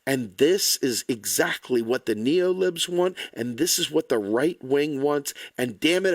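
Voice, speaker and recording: A man delivers a furious political rant, swearing freely and talking bluntly. His voice sits a little high for a man. The sound is dry and close, with no room echo. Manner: angry, blunt, profane. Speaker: political commentator. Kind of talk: impassioned rant to camera.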